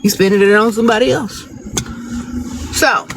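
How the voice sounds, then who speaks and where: Outdoors with birds around, a man hosts a live phone stream, reading viewer questions aloud and handing out blunt, sassy, no-nonsense relationship advice directly to his audience. His voice sits high and gravelly, moving at a normal speed over a noisy background.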